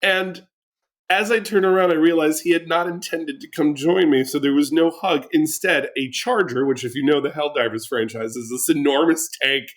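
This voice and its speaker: A man co-hosting a podcast, telling stories in a lively way and acting out voices. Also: fairly high pitch, normal speed, low-quality recording. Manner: animated storyteller, acts out voices. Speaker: podcast co-host. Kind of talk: casual podcast chat.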